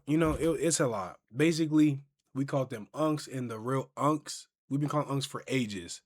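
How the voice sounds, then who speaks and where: A man's voice: medium pitch, brisk, hardly any pauses. A man hosting a casual podcast chat, telling stories and acting out what people say. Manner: animated storyteller, acts out quotes. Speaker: podcast host.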